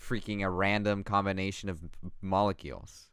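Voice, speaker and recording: A man's voice: deep voice, little pitch movement, a little fast, crowd noise. A young man hosting a casual podcast chat, joking and playing up a mock-grand intro. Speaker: podcast host.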